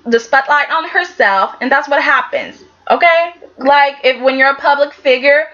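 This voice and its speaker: Sassy high-voiced woman recapping a soap. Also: normal speed, fairly bright tone, highs cut off. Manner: sassy, talks back to the characters. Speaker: soap opera reviewer. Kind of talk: casual recap and commentary.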